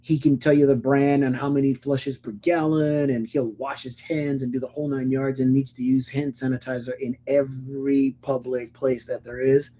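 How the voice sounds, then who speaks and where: A middle-aged man co-hosting a relaxed podcast, his voice dark and mellow. He tells stories casually, often restarting his sentences, and bursts into animated impressions of the people he quotes. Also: medium pitch, moderate pace, few pauses. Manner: animated storytelling with acted-out quotes; stammering restarts. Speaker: podcast co-host. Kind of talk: casual conversation.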